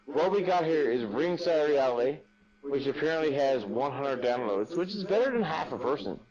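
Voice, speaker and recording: A man's voice: mid-range voice, lively intonation, moderate pace, muffled recording, a crowd in the background. A drunk man slurring as he hosts a rowdy casual podcast chat, swearing and laughing at his own jokes. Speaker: podcast host.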